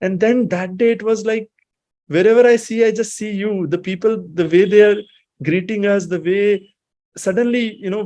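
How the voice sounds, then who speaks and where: A man in his thirties from Himachal with an Indian English accent, sharing a personal devotional story in a reflective, emotional and halting way. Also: high voice, darkish tone. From Himachal Pradesh, India. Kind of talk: personal testimony, mixing English and Hindi.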